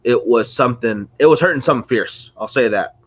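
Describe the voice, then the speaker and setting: A man who sounds sick and congested runs a relaxed livestream, greeting viewers and chatting in a rambling way. His voice is medium in pitch and a little fast. The recording is muffled, as the mic sits close to a screen or phone.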